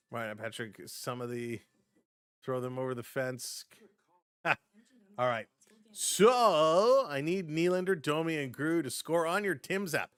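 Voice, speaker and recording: Casual play-by-play mixes with laughing viewer chat as a man hosts a live hockey stream, bouncing between the action and his audience. His mid-range voice is smooth and a little bright, captured with no room sound.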